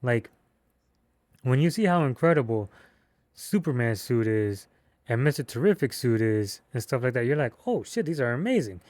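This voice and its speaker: A man giving a casual movie review, excitable and slangy, with cursing and rambling restarts. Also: mid-range voice, moderate pace, pauses often, dry recording, studio quality.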